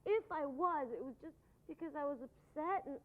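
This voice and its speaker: A woman acting a shy, worried girl in a children's TV drama, soft-spoken, pleading and tearful. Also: high-pitched, normal speed. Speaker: actress playing a shy girl, Becky. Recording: tinny lo-fi old TV audio with music.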